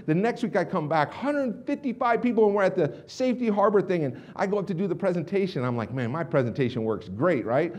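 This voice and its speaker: A young man giving an energetic storytelling speech to a live audience, acting out quotes with big swings in volume. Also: sits high, brisk, hardly any pauses. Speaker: company president giving a keynote. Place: large hall in front of a live audience.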